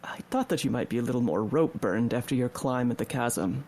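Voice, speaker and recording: A gentle female healer in a tabletop game, voiced by a man in close to his own voice. She speaks softly and calmly, reassuring and caring, with a mid-pitched tone. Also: brisk.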